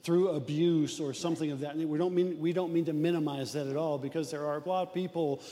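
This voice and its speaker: A man's voice: a little high, steady tone, brisk, mellow. Earnest scripture-quoting man, reverberant room. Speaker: co-host, preacher. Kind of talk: faith-based relationship talk.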